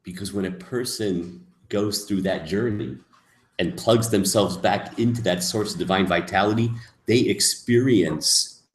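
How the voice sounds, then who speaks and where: A man teaching as a rabbi in a lecture, emphatic, moving between soft asides and loud, stressed points. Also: deep voice, a little slow. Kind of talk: lecture on Jewish mysticism. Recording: echoey room.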